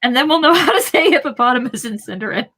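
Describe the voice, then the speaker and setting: A woman's voice: high-pitched, animated, quick pace, sharp tone. A woman co-hosting a podcast in casual chat, wry and chatty. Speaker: podcast co-host.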